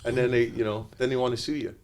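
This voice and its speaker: A man's voice: mid-range voice, little pitch movement, quick pace, darkish tone, slight background noise. A man from Canada telling wild stories as a podcast guest, swearing freely and laughing as he goes. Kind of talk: animated storytelling.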